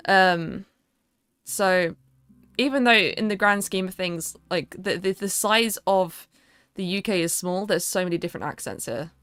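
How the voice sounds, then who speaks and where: A woman's voice: fairly low pitch, unhurried, a bit bright, clean tone, dry recording, studio quality. A young woman with a southern English accent, chatting casually and rambling with a lot of fillers on a livestream. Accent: southern English, London area. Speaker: streamer.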